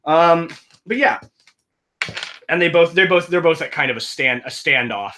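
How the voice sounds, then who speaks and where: A man's voice: a little high, lively intonation, normal speed, bright, forceful tone, slight background noise. A man narrating a tabletop game as game master, rambling and correcting himself playfully.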